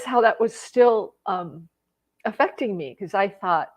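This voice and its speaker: A woman's voice: medium pitch, animated, unhurried. A middle-aged woman telling a personal story in a conversational way, getting emotional and tearing up at times. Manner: emotional, tearful at times, many restarts. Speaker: personal growth vlogger.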